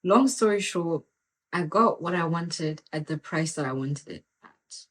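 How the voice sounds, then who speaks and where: A woman with a somewhat low voice hosts a podcast and talks casually about faith. She tells stories in a lively, conversational way, often slipping in "like" and "you know". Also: a little slow. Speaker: podcast host and faith mentor. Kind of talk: casual faith talk with storytelling.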